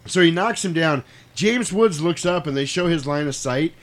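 A man's voice: a little high, normal speed. A man in casual chat, animatedly retelling a movie's plot with plenty of swearing and laughter. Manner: animated, profane, laughs while telling.

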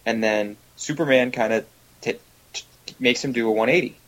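A man's voice: medium pitch, normal speed, rough recording. A man as guest on a casual video-call chat, talking in an earnest, opinionated way.

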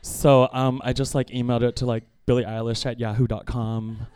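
A man's voice: mid-range voice, flat delivery, moderate pace, darkish tone, smooth, no room sound. A man doing a stand-up comedy set, self-deprecating and rambling, with lots of "like" between words. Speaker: comedian and musician.

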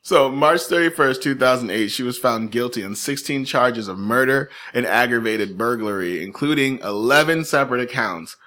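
Man co-hosting a podcast, bright tone, playful, talks fast when he gets going. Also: medium pitch. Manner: animated, joking, playful asides. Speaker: podcast co-host. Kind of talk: casual chat.

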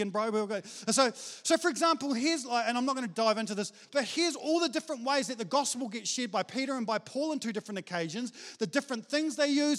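A man preaching a sermon in a very high voice, and his words ring out with a long reverb as in a big hall. He talks in an energetic, chatty way, pokes fun at himself and drops slang like bro and mate. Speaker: pastor.

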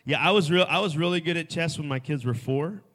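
A man preaching a sermon at a festival, swinging from hushed, soft lines to loud, emphatic ones. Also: a little high, a little fast. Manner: dynamic, swings from hushed to shouting. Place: festival stage before a crowd.

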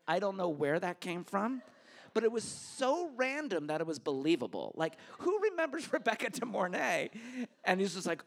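A man telling a true story on stage at a story slam, animated and self-mocking, acting out the dialogue. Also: on the high side, normal speed, creaky. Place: stage at a public hall.

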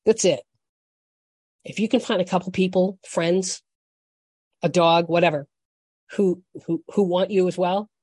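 A woman with a low, mellow voice talks through dating advice in a frank, conversational monologue. She restarts her sentences and swears for emphasis. The sound is dry and close. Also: dry recording. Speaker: podcast host.

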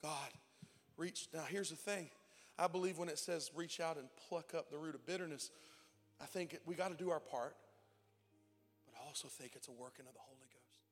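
A young adult man preaching a sermon in a church, tearful and emotional, dropping to near whispers and rising to shouted cries. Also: a little high, normal speed. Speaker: pastor. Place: church sanctuary. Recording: long hall reverb with faint music.

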